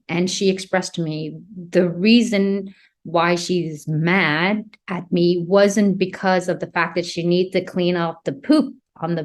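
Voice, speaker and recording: Earnest woman host, low voice. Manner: earnest, reflective, often restarts and searches for words. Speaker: podcast host and mother. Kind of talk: personal storytelling in conversation.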